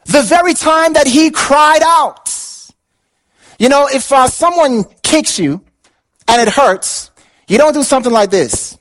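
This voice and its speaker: A man with a strikingly high-pitched voice delivers an impassioned sermon. He asks his listeners questions and repeats words to drive the point home. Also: expressive, a little slow, a bit bright, low-quality recording. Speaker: pastor.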